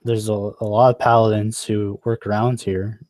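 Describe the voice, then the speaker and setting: A man's voice: on the low side, flat delivery, moderate pace, a little mellow, dry recording, natural voice. A man doing a musing tavern regular. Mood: thoughtful. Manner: musing, hesitant. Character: helpful male tavern-goer trying to recall a name.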